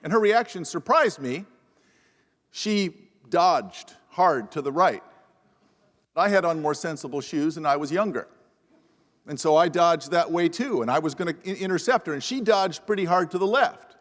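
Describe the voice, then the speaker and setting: A man's voice: on the high side, animated, normal speed. A man on a lapel mic telling a self-deprecating story with wry humor as a professor on a panel. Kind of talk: humorous anecdotal talk at a panel event. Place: university event hall. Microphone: lapel microphone. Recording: long reverb of a large hall.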